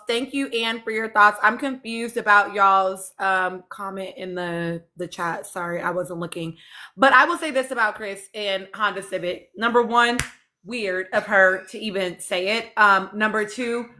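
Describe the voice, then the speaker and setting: A woman's voice: mid-range voice, pushed and bright. A woman hosting a casual podcast, giving blunt opinions and checking the chat.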